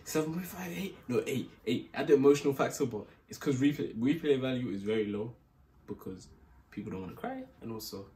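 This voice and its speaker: Slangy young British man, animated. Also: mid-range voice, brisk. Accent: British, London slang. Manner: slangy, animated, frequent "you get me". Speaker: reaction channel host. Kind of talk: casual music reaction chat. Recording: roomy, distant mic, faint noise.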